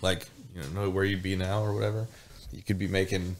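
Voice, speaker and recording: A man with a very deep voice rambles through his points, full of "like" and "you know". Faint noise sits under the recording. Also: flat delivery, fast. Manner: rambling, filler-heavy. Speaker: podcast co-host. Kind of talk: casual chat.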